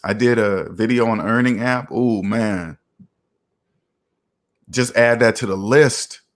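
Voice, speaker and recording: A man's voice: fairly low pitch, takes it slowly. A man hosting a finance livestream. He lectures emphatically, repeats lines for effect and answers chat comments in a preachy manner. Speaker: finance channel host.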